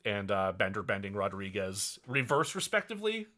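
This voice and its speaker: Bright-voiced man co-hosting a podcast. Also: on the low side, big pitch swings, moderate pace. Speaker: podcast co-host. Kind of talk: casual chat. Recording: audio-only podcast.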